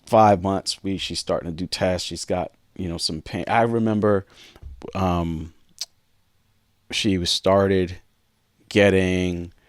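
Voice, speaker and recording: A man's voice: low-pitched, fairly even intonation, takes it slowly, long pauses, dry recording, clean studio sound. A man co-hosting a podcast, candidly telling a personal story in an earnest way and acting out past conversations. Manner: earnest, reenacts past dialogue. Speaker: podcast co-host.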